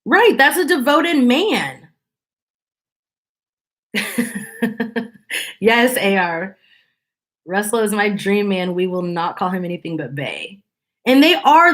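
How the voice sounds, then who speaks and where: A woman's voice: mid-range voice, very animated, slow pace, long pauses, fairly bright tone. A woman hosting her channel, talking casually to viewers in an exasperated, sarcastic, opinionated way. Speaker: channel host.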